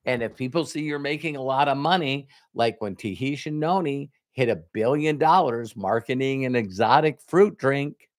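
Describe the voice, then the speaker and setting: This is a middle-aged man at a normal speed and medium pitch, captured in studio quality with no room sound. As a network marketing trainer giving a motivational talk, he retells a dialogue, voicing both people in his story.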